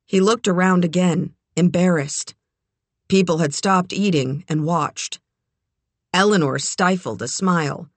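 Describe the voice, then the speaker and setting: A woman narrating a novel as an audiobook reader, in a measured, even way. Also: fairly low pitch, no room sound. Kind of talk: scripted narration.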